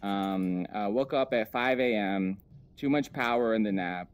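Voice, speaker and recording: A man's voice: lowish voice, a little slow, smooth. A man doing a stand-up comedy set in a virtual world, nervous and self-deprecating, stumbling over many ums between jokes. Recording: lively laughing crowd behind.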